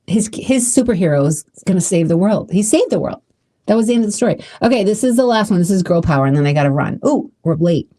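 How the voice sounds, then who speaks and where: Chatty, mellow-voiced woman podcaster. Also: mid-range voice. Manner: chatty and emotional, with many restarts. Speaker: podcast host. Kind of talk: casual solo podcast talk.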